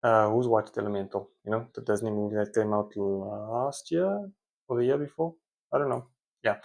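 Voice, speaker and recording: A man's voice: on the low side, moderate pace, creaky, darkish tone. A man giving a casual, conversational monologue, often correcting himself mid-sentence. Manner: rambling, self-correcting, conversational. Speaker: speaker, parent.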